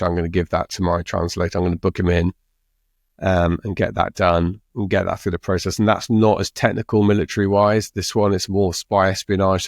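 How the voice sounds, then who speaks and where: A man's voice: deep voice, gravelly, dry recording, clean studio sound. A middle-aged man co-hosting a podcast, chatting casually and often restarting his sentences. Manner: halting, with frequent restarts. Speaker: podcast co-host. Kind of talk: casual chat.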